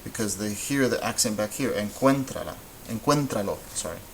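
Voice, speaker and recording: A man with a fairly low voice gives a patient whiteboard lesson. He explains each step slowly and stops now and then to correct himself. A faint hum of noise sits under his voice. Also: gravelly, low-quality recording. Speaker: Spanish teacher.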